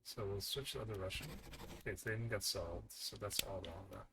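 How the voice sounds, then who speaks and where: A man's voice: lowish voice, fast talker, noisy background. A man streaming a game live, thinking aloud and muttering his guesses as he works through a puzzle.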